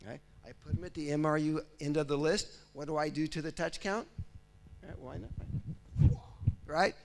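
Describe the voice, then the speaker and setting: A man's voice: fairly high pitch, moderate pace, creaky. A man giving a conference talk. He acts out a computer process in first person and keeps checking in with the audience with "right?" and "okay?". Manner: lively, speaks as if he were the process, often checks in with "right?" and "okay?". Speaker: technical presenter. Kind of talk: conference lecture.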